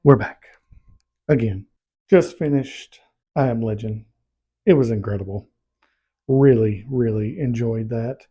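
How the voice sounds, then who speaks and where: A man's voice: mid-range voice, measured pace, pauses often, muffled recording. A man, a book vlogger chatting casually and animatedly retelling a story. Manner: animated storytelling, acts out scenes. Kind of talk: casual book review chat.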